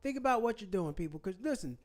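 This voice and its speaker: A man's voice: high voice, lively intonation, fast talker, darkish tone, soft background music. A man hosting his own channel, ranting in a fired-up, preachy way and repeating phrases for emphasis. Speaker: channel host. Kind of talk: ranting commentary vlog.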